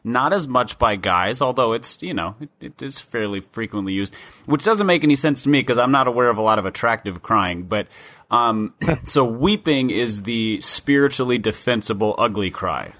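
A man co-hosting a podcast, speaking in a wry, measured, deadpan way. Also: mid-range voice, no room sound. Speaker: podcast co-host. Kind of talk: casual chat. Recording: dry close sound.

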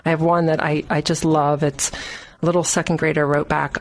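A woman's voice: deep voice, brisk. A woman, an author being interviewed, telling stories with energy and acting out the people she quotes. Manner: lively, acts out quoted people with a raised voice. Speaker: author guest. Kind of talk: animated storytelling in an interview.

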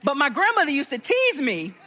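A middle-aged woman giving a church talk as guest speaker, telling stories in a playful, expressive way. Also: high voice, a little fast, long reverb tail. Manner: warm storytelling, expressive and playful.

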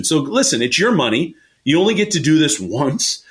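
A man's voice: fairly high pitch, big pitch swings, normal speed, few pauses. A man hosting a weekend radio finance show, talking with passion and pushing listeners to call in. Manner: passionate, pushy, repeats phone number. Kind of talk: energetic sales talk on radio.

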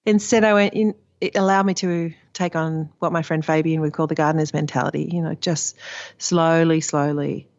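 A woman's voice: low voice, flat delivery, a little fast, few pauses, darkish tone. A woman, an author guest in a casual conversation, telling stories candidly and swearing freely. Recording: slightly dull lo-fi line.

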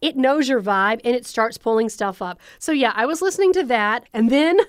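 A woman, a radio DJ co-hosting a podcast in a studio, chatting casually and animated, acting out quoted voices. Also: on the high side, normal speed, clean tone, no echo. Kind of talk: casual chat. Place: broadcast studio. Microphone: studio mic.

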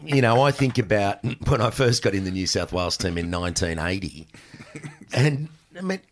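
Aussie bloke in his 60s, low voice, tells yarns and acts out the other guys, swears a lot. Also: moderate pace. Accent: Australian. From Australia. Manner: animated, acts out exchanges in raised voice, swears freely. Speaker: podcast guest, former cricketer. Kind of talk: casual storytelling chat.

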